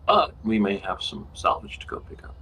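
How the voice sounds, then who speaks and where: A man's voice: on the low side, sing-song, normal speed, vocal fry, sharp tone, a little hiss or hum. A man talking casually with teammates during a co-op game, easygoing and eating while he talks. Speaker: co-op player. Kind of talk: casual chat.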